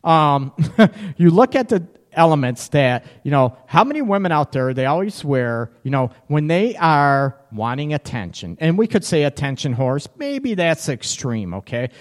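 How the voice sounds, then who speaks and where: A man's voice: a little high, big pitch swings, normal speed. A man hosting a live show in casual chat, teasing, laughing often and reacting to chat comments. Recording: echoey room with long reverb.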